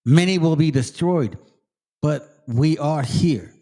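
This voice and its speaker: A man's voice: on the high side, slow pace, mellow. A man hosting his own channel, ranting heatedly to viewers, swearing often and dropping into Spanish slang. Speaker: channel host. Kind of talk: profane casual rant to viewers.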